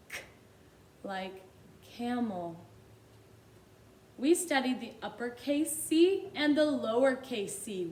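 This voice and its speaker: A woman teaching a phonics lesson to young children, drawing out sounds in a slow sing-song manner. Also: fairly high pitch, a little mellow, echoey room. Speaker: kindergarten teacher.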